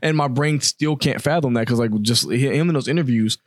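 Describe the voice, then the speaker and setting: A man's voice: medium pitch, fairly quick, no room sound. A man co-hosting a casual podcast chat, rambling thoughtfully and searching for words. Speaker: podcast co-host.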